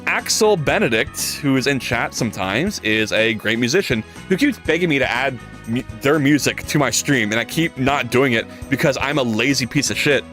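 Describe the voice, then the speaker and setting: A man's voice: medium pitch, moderate pace, soft background music. A man streaming live while coding, chatting casually with viewers and reading their messages aloud. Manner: animated, jokey, reads chat aloud and rambles. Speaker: livestreamer.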